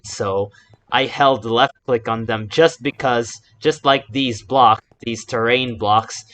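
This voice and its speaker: A man talks through his game session at an unhurried pace, wandering off into asides and correcting himself mid-thought. His voice sits at an ordinary pitch. A faint hiss runs under the recording. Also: bright, forceful tone. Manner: rambling, chatty, self-correcting asides. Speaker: gaming YouTuber. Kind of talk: casual Let's Play commentary.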